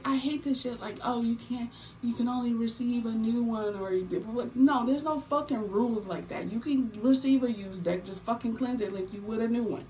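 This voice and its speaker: A woman hosting a tarot deck giveaway in a casual, animated chat, swearing freely and repeating herself for emphasis. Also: fairly high pitch, poor audio. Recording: faint background noise.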